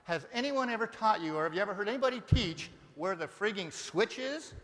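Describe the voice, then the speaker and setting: A high-pitched man speaks from the stage of a big seminar hall, and his voice rings with a long, lingering reverb. He talks with a lively motivational speaker's energy, throwing question after question at the crowd. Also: a little fast. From Denver, Colorado.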